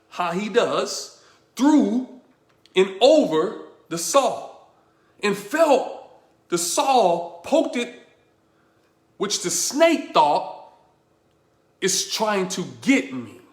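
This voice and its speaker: A man giving a motivational talk, telling a parable with dramatic pauses, slowing down and sinking to a near-whisper. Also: high voice, a bit bright. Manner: dramatic storytelling, slows down and sinks to near-whisper. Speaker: motivational speaker. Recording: roomy echo.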